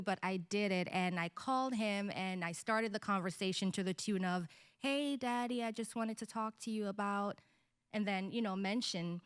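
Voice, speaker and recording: A woman's voice: medium pitch, moderate pace, smooth, dry recording, clean studio sound. Candid woman sharing a personal story. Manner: candid, storytelling, laughs lightly. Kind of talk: personal testimony in conversation.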